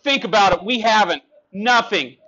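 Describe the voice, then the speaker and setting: A high-voiced man doing stand-up on a club stage, ranting and sarcastic as he talks to the crowd. The recording is dull and lo-fi. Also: moderate pace, sharp tone. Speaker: stand-up comic. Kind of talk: stand-up comedy set.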